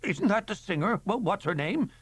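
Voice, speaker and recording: A man's voice: sits high, sing-song, normal speed, fairly bright tone, slightly rough, dry recording, pitched above the performer's own voice, full character voice. A querulous, fussy bystander, as a man voices him in a storybook reading. The voice sits well above the reader's own, thin and questioning, with a whining, fretful lilt. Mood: puzzled.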